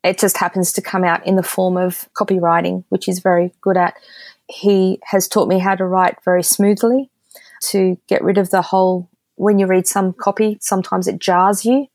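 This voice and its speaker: An Australian woman, a copywriter guest on a podcast, talking in a candid, direct way and telling lively stories. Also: lowish voice, normal speed, no room sound. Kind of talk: casual podcast interview.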